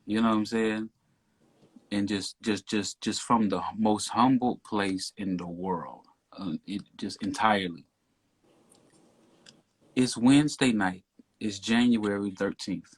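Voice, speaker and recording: A man telling a story as a podcast guest in casual talk, getting loud and worked up as he retells it. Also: on the low side, takes it slowly, long pauses, husky. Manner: animated, rising to near shouting when retelling the stop.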